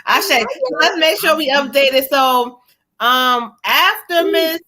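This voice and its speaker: A woman's voice: sits high, takes it slowly, bright, forceful tone. A woman hosting a live psychic reading stream over a video call, chatty and casual, laughing easily and talking to the viewers. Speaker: host and psychic medium.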